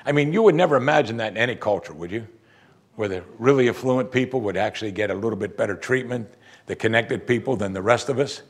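A pastor preaching a sermon with emphatic, lively delivery and frequent rhetorical questions. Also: male voice, fairly low pitch, quick pace, husky.

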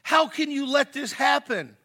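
A man voicing a frightened little child pleading with their parents in high, crying tones. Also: lively intonation, measured pace, bright, forceful tone, heavily acted.

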